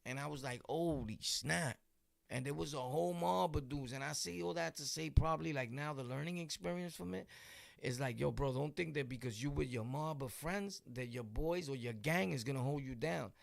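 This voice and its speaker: A young man with a New York accent telling street stories in a casual, animated, slang-heavy way. He laughs often and acts out voices. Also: medium pitch, creaky, no room sound, clean studio sound. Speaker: vlogger telling true stories.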